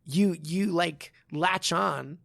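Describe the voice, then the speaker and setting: Male podcast host and martial arts instructor; gravelly, dry close sound, animated and blunt. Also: on the high side, drawn-out words, no room sound. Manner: animated storytelling, swears, acts out quotes. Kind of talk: casual chat.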